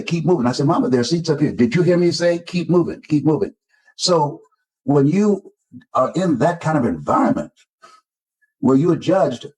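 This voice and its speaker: A man's voice: medium pitch, a little mellow, slightly rough, rough recording. An older man from Florida, a motivational speaker telling stories in an interview and acting out the voices he quotes. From Florida, United States. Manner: emphatic storyteller who acts out quoted voices. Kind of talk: interview storytelling.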